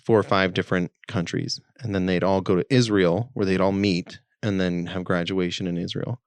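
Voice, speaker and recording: With a low, clean-toned voice captured dry in studio quality, this man co-hosts a podcast. He tells a story casually, acting out the quoted speech with animation.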